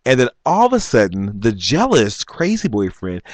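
A man tells a story from his night out in a relaxed, chatty way, chuckling as he goes. His pitch swings widely as he acts out what others said. The sound is dry and close, with no room around it. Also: moderate pace, no echo. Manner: animated, chuckling, acts out quotes. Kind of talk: casual anecdote telling.

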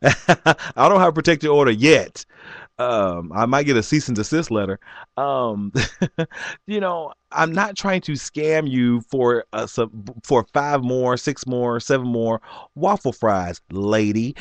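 Animated, laughing man telling a story. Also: takes it slowly, dry recording. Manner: animated, laughing, voice jumps high for quoted lines. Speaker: vlogger. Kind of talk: storytelling rant.

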